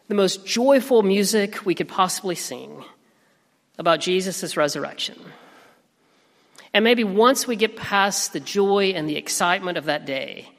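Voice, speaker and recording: A man in his thirties preaching a sermon as pastor, telling a family story in a gentle, reflective way. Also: high voice. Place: church sanctuary. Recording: reverberant sanctuary.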